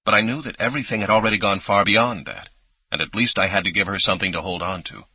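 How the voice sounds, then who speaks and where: A man's voice: lowish voice, steady tone, quick pace, pushed and bright, husky, dry recording, low-quality recording. A man narrating an audiobook in an intimate first-person storytelling manner, close on a studio mic. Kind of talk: scripted narration.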